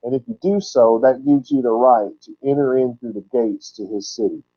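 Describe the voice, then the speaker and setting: A man teaching from the Bible in a sermon style, explaining word roots and repeating key words slowly for emphasis. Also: medium pitch, lively intonation. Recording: dull lo-fi recording.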